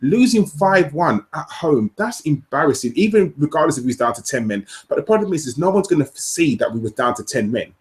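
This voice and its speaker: A man's voice: on the high side, big pitch swings, brisk, hardly any pauses, darkish tone. A man on a football podcast panel, speaking casually and colloquially with passionate exasperation.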